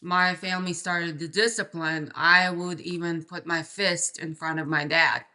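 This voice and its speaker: A woman's voice: on the low side, steady tone, measured pace, bright, forceful tone. A young woman from Ukraine with a slight Russian accent, a guest on a podcast, speaking plainly and hesitantly with many fillers.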